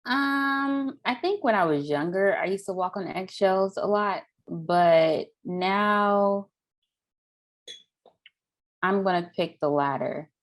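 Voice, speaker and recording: A woman's voice: mid-range voice, expressive, takes it slowly. A woman co-host in casual podcast chat, playful and sassy, often laughing.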